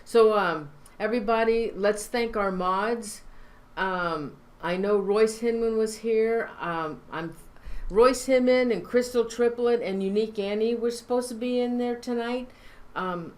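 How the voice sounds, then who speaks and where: A woman's voice: on the high side, a little mellow. Rambling woman hosting a live stream. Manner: rambling, halting with many fillers. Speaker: show host. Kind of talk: casual live-stream talk.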